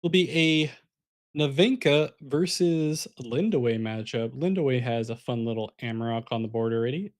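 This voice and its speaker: A man with a mid-pitched voice calls an online card game match live. He talks in a loose, chatty way, explains each play as it happens and turns to speak to the viewers in chat. He sounds a little sleepy. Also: animated, moderate pace. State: sleepy, yawning. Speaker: caster.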